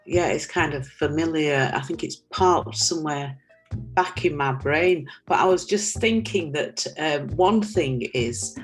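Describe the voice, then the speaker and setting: Low-voiced woman, rambling with fillers. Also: unhurried, soft background music, rough recording. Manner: meandering, many fillers. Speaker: audience member. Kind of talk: casual chat.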